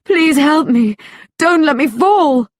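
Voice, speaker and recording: A cold, taunting villainess from a storybook, read by a woman. She speaks slowly with a soft, breathy edge, and the recording is close and dry. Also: medium pitch, very animated, no echo, heavily acted. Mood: panicked. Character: cruel vain woman villain, stone-hard skin. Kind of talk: storybook reading for learners.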